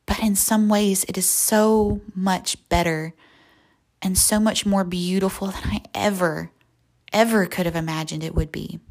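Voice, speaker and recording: Young woman talking slow and soft, little gravelly, guided visualization kinda devotional. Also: mid-range voice, steady tone. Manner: slow, soft and reflective, often near a whisper. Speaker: podcast host.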